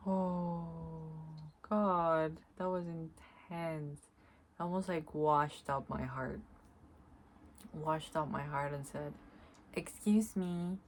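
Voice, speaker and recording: A woman vlogging alone, speaking softly and reflectively, often pausing to search for words and breaking into laughter. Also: low voice, level tone, slight background noise. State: tearful at times. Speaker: spiritual vlogger. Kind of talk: slow reflective monologue, energy reading.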